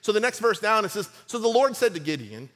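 A man preaching a sermon, retelling a scripture story in a casual, animated way with playful asides and acted-out quotes. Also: high voice, quick pace. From United States. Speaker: pastor.

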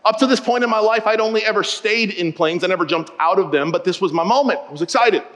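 A man with a notably high voice preaching in a church auditorium, with the long reverb of a big hall behind every line. He tells personal stories with humor and turns to the congregation often, keeping things lively and direct. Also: fast. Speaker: pastor. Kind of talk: sermon with humorous storytelling.

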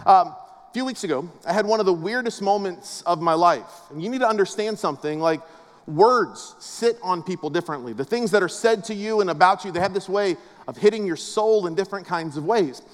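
A man's voice: sits high, lively intonation, fairly quick. A man preaching a casual, humorous sermon, telling family stories with a preacher's cadence. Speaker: pastor. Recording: long reverb of a large hall.

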